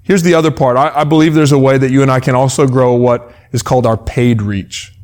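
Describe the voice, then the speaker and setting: A man's voice: mid-range voice, steady tone, brisk, darkish tone. A man preaching a sermon in a conversational way, often repeating words as he starts a phrase. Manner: acts out quoted voices in asides. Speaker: pastor.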